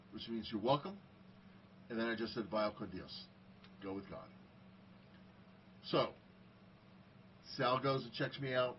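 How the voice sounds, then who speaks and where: This is a casual storytelling monologue from a middle-aged man from the United States, his pitch sitting in the middle range. He recounts personal anecdotes in a chatty way, performing the lines he quotes. There's a faint background hiss and the sound is a bit dull.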